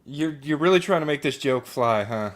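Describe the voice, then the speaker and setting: A man with a higher, lively voice trades jokes on a casual panel. He teases the others and keeps his lines quick. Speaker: panel guest. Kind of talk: casual comedic panel chat.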